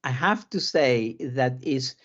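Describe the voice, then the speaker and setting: A man's voice: mid-range voice, animated, slow, muffled recording. A male surgeon with a South American and British accent, explaining things in a live Q&A while often repeating words as he searches for them. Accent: South American mixed with British. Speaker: cardiac surgeon guest. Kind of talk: live Q&A interview.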